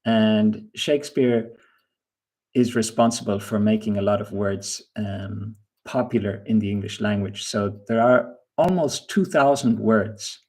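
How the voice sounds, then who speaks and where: Slow, husky male English teacher. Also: fairly low pitch, a little mellow. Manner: slow, patient, quizzes viewers with questions. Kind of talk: live webinar lesson.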